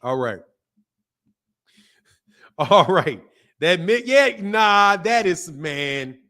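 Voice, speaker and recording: A man from the Midwest hosts a casual boxing live stream in a high voice. He jokes loosely with his audience and reads chat comments aloud. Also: sing-song, drawn-out words, bright, forceful tone. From American Midwest. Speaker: boxing channel host.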